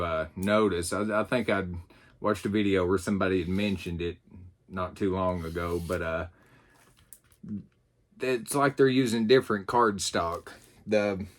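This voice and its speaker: Male channel host, Southern US accent, deep voice, loose rambling delivery. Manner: rambling, many fillers and restarts. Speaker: YouTube host. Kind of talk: casual unboxing chat.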